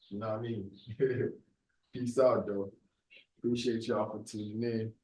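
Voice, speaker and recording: Low mellow man rambling in a roomy echo. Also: flat delivery, a little slow, far from the mic. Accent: American with a light Nigerian accent. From Nigeria. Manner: loose and rambling, full of fillers like "you know" and "like". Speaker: podcast host. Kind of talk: casual solo podcast monologue.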